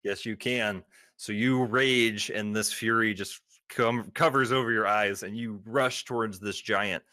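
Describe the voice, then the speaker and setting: A man narrating a tabletop game as game master, describing the action in lively, vivid detail. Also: on the low side, a little slow, no room sound.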